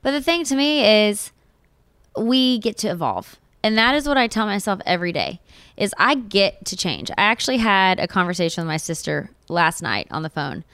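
A woman hosting a podcast, chatting casually in an animated, heartfelt, confiding way. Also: mid-range voice, moderate pace, no room sound. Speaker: podcast host. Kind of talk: casual chat.

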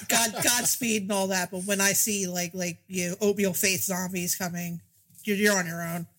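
A woman co-hosts a podcast, giggly and a little halting, often repeating words as she finds them. Her voice sits at an ordinary pitch for a woman. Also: steady tone, fairly bright tone. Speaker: podcast co-host. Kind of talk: casual podcast chat.

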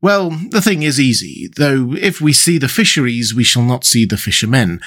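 A man's voice: medium pitch, lively intonation, moderate pace, a bit bright. A man voicing a mysterious, commanding sea captain who speaks with courteous, careless assurance in an audiobook. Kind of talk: audiobook character reading.

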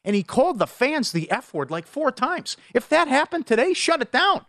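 A middle-aged man co-hosting a sports betting show, telling stories in an animated, rambling way. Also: very high voice, moderate pace, no echo, studio quality. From Superior, Wisconsin. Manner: animated, storytelling, jumps between topics. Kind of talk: casual sports radio banter.

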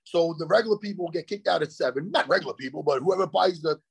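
A man co-hosting a chat show from a hotel room, telling stories in an animated way and swearing freely. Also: on the high side, quick pace, gravelly, husky. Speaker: podcast co-host. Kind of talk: casual chat.

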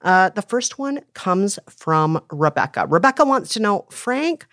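A woman's voice: medium pitch, sing-song, a little slow, fairly bright tone, no echo, clean studio sound. A woman co-hosting a podcast in casual, playful chat. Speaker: podcast co-host.

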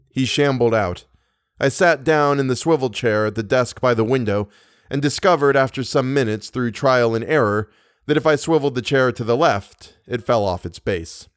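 A man reads a short story aloud in a steady, deadpan voice. His voice sits in a middle pitch, neither high nor low. The sound is close and dry. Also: moderate pace, dry recording. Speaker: podcast narrator. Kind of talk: scripted narration of a short story.

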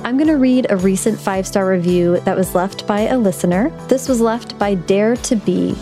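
Faint music plays behind this woman's mellow, medium-pitched voice, which moves at a moderate pace. She hosts a writing podcast, first reading its announcements, then chatting warmly with her guest in an interview.

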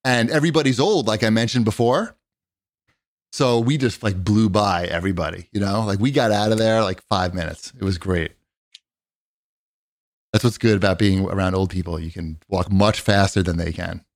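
A man's voice: lowish voice, moderate pace, no room sound, studio quality. A man chatting casually as a co-host, telling rambling, profane stories full of fillers. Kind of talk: casual chat.

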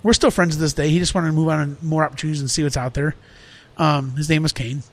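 A middle-aged man who runs a small restaurant talks in a loose podcast conversation. His voice sits a bit high for a man. He rambles earnestly, piling up fillers as he goes. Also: fairly even intonation, fast. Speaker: restaurant owner.

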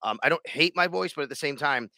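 A man's voice: fairly high pitch, fast, sharp tone, dry recording, clean studio sound. A man co-hosting a sports podcast in casual chat, rambling and restarting his sentences. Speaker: radio sports show co-host.

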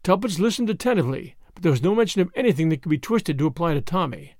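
A male narrator reads a novel in an expressive storytelling manner, his fairly high voice rising and falling a great deal. The recording is dry and close, with no room sound. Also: fast, dry recording. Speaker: audiobook narrator. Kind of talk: scripted narration.

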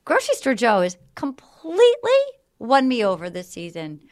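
A woman hosting a podcast in casual chat, animatedly retelling scenes and acting out quick quotes. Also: a little high, wildly swooping pitch. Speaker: podcast host.

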